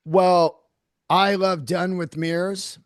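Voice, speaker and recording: A man, a comedian from the San Francisco Bay Area, telling profane, animated backstage stories in a casual interview. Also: sits high, slow, dry recording, clean studio sound. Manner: animated, profane storyteller who acts out quotes. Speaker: comedian guest.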